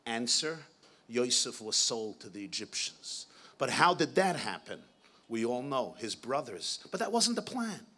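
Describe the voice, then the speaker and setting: A man giving a sermon as a rabbi, telling stories in an animated way and sprinkling in Hebrew and Yiddish terms. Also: mid-range voice, a little slow. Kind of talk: sermon storytelling.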